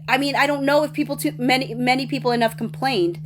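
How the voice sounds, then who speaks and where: A woman hosting a livestream, reading viewer comments and rambling excitedly with many restarts. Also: high-pitched, quick pace, few pauses. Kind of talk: casual chat.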